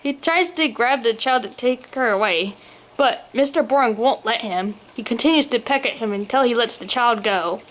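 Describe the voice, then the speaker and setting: A woman's voice: fairly high pitch, normal speed, fairly bright tone, slight background noise. Woman reading a humorous story aloud. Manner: reads aloud, occasional slips. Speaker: story reader. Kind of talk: storybook narration.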